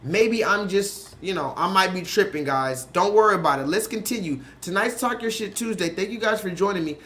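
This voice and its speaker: A man hosting a casual livestream, ranting with quick asides. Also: high voice. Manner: animated, rant-like, quick asides; mocking put-on voices when quoting films. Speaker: host.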